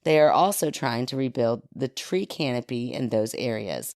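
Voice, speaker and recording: A woman with a very low, gravelly voice banters playfully on a podcast, with a dry cough in her throat. She is recorded close and dry. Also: lively intonation, normal speed, a little mellow, no room sound. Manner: playful, joking, breaks into silly sounds. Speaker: podcast co-host. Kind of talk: casual podcast chat.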